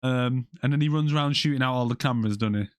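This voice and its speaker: A man co-hosting a podcast, chatting in giggly, sweary, animated banter about a film. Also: mid-range voice, quick pace, clear, resonant tone. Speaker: podcast co-host. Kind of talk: casual banter reviewing a film.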